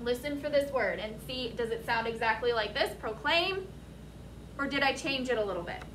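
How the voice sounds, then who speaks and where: A woman teacher leading a vocabulary lesson for a class, speaking slowly and deliberately and spelling words out letter by letter. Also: on the high side, fairly bright tone, a little hiss or hum. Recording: echoey classroom, mic at a distance.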